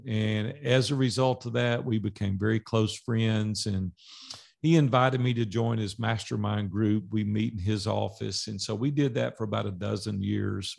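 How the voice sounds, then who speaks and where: A man's voice: fairly low pitch, creaky. A middle-aged man from Nashville, Tennessee, a podcast guest telling stories in a casual interview and acting out the dialogue in them. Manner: animated storyteller acting out dialogue.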